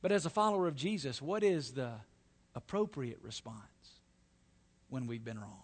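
A male pastor preaching a sermon, swinging from quiet, drawn-out phrases to loud, stressed words. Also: mid-range voice, animated, husky. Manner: dramatic, swings from soft to loud emphasis.

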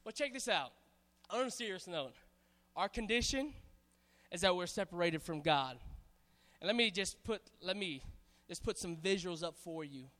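A man from Hawaii preaching a sermon to a congregation, animated and playful, calling on the crowd to answer back. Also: high-pitched, normal speed. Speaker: pastor. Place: church hall. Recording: hall reverb.

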